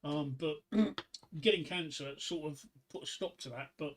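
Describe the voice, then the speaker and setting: Chatty middle-aged male streamer, slightly high voice. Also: measured pace, background noise. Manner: rambling, reads groan-worthy one-liners aloud. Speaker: live streamer. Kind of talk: casual live-stream chat.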